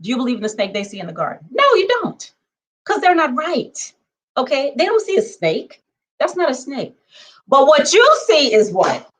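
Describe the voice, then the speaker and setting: Animated woman talking to her viewers. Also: moderate pace. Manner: conversational, punctuates points with "okay?" and numbered lists; animated, swings between low asides and excited high bursts. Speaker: vlogger. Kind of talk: casual monologue to camera.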